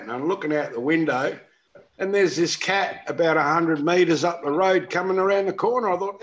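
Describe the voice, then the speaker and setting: A man's voice: a little high, moderate pace, fairly bright tone. An Australian man chatting casually in a laid-back, joking way. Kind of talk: casual chat. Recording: dull lo-fi audio.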